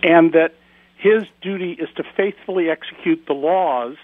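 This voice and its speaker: A man's voice: fairly high pitch, moderate pace, dry recording. Indignant man on a tinny phone line. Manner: emphatic, indignant commentary. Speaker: guest author. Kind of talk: radio interview.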